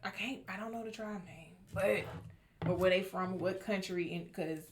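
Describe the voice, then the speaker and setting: A woman chatting on a podcast, animated, with loud outbursts and quiet asides. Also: mid-range voice, moderate pace, noisy background. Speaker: podcast co-host. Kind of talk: casual chat.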